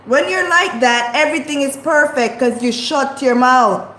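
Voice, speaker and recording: A woman's voice: high-pitched, normal speed, pushed and bright. A woman vlogging in a casual motivational talk, speaking in a passionate, preachy way and repeating her points for emphasis. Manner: impassioned, preachy, repetitive. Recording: echoey room.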